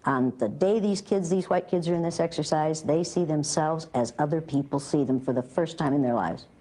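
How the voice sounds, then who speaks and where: A woman leading a confrontational teaching exercise, grilling participants with rapid-fire questions. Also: sits low, warm tone, low-quality recording. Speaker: workshop facilitator.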